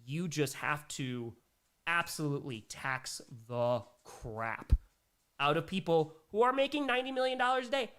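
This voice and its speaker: Brief: young male streamer, slightly higher voice, emphatic casual Q&A host. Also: animated, moderate pace, fairly bright tone, clear, resonant tone. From New York. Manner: reads viewer messages aloud and reacts, emphatic and conversational. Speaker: livestream host. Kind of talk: casual livestream Q&A.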